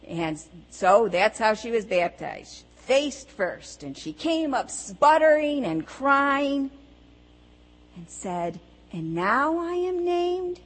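A woman preaching a sermon, slow and deliberate, earnest as she works through rhetorical questions. Her voice rings with a long hall reverb. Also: mid-range voice. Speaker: pastor or preacher. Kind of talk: sermon with storytelling.

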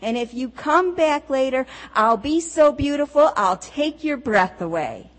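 A woman's voice: high voice, animated, measured pace, in a large hall, pitched above the performer's own voice. A woman preacher voicing a joyful grown woman claiming her faith name, speaking in exclamations that rise with emphasis. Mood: defiant hope.

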